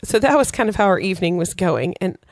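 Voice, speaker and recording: A woman in her thirties co-hosting a parenting podcast, telling a family story in a relaxed, chatty way with laughs. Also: fast, no room sound. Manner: laughing, storytelling, quotes kids in high voices. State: fighting a cold. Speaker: co-host. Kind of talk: casual podcast chat.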